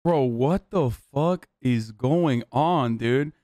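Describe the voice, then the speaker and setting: A man's voice: medium pitch, extremely slow, warm tone, no room sound, clean studio sound. A man in his thirties commenting bluntly and with plenty of profanity while reacting to a clip on a live stream.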